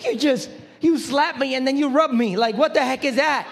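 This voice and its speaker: A young male pastor preaches a sermon in a loose, conversational style and jokes with his congregation. His voice sits high for a man. He talks in an animated, lively way. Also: moderate pace, gravelly.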